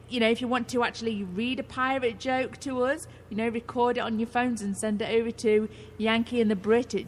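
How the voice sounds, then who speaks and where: A woman's voice: fairly high pitch, a little hiss or hum. Chatty woman co-hosting a radio show. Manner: chatty, spins long rambling theories. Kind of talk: casual chat.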